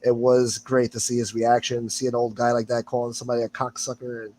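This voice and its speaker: A man's voice: medium pitch, completely flat delivery, fast, darkish tone, a little hiss or hum. A man chatting as a guest about his videos, easygoing and profane. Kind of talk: casual chat.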